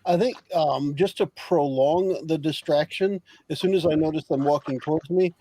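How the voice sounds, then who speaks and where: A man playing a tabletop game, calmly explaining what his character does. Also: on the high side, a little hiss or hum, low-quality recording. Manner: measured, explaining his plans. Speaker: player.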